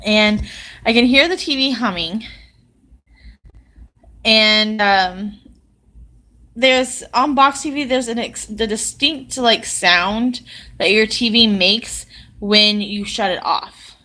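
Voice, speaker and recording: Woman telling a story casually, kinda high voice, lots of likes and ums. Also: sharp tone. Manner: halting, full of likes and ums.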